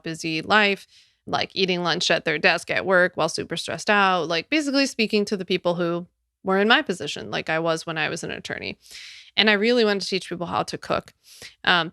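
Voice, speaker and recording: A woman's voice: fairly low pitch, a bit bright, smooth, no room sound, studio quality. Chatty, laughing woman podcaster. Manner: chatty, laughing, sarcastic asides. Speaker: podcast host. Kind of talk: casual solo podcast talk.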